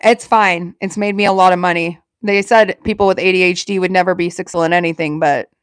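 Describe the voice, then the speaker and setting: A woman with a Southern Alabama accent, chatting casually with viewers on a livestream. She talks quickly, running her words and sounds together. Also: lowish voice, steady tone, clear, resonant tone, no echo, studio quality. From Alabama, USA. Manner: chatty and self-deprecating. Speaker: livestream host. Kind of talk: casual live-stream chat with viewers.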